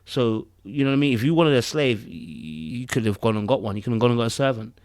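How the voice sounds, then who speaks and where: A man's voice: medium pitch, animated, fast talker, a little mellow, no echo, studio quality. A man co-hosting a casual review podcast, thinking aloud with rhetorical asides and frequent restarts. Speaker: podcast co-host.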